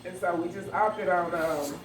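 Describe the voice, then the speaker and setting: A woman's voice: fairly low pitch, moderate pace, background noise. A woman giving a eulogy for her grandfather, talking conversationally and laughing through her grief. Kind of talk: emotional memorial speech. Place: church funeral service. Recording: echoey hall, distant mic, crowd.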